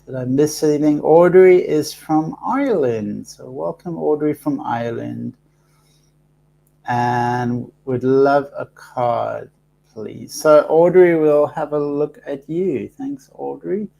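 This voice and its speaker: A soft-spoken man hosting a live card reading, talking slowly and haltingly with many pauses and fillers. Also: on the high side, creaky. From Africa. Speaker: host reading cards for live viewers.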